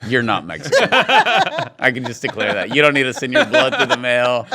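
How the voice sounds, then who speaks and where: Bright, lively man joking incredulously. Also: mid-range voice, normal speed, creaky. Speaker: podcast host. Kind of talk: casual chat.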